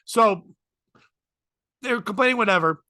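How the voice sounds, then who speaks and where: A man's voice: sits high, measured pace, no echo. A man, a comedian hosting a podcast, telling a story with lots of swearing and acted-out quotes. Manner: acts out quotes with shouting, swearing, laughing.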